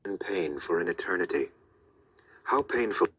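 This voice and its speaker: An actor playing an ominous, solemn male entity who speaks in slow, grave pronouncements in a film. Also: deep voice, animated, a bit bright, breathy edge, full character voice.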